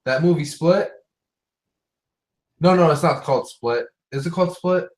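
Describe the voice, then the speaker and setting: A man's voice: a little high, normal speed, a little mellow. A man co-hosting a podcast in casual chat, laid-back and full of slang and swearing. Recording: roomy, echoey recording.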